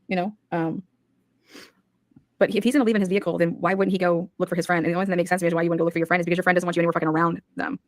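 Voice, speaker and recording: Fast, blunt woman. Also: fairly low pitch, level tone, no room sound. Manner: blunt, profane, incredulous. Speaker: podcast host. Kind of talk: casual true-crime discussion.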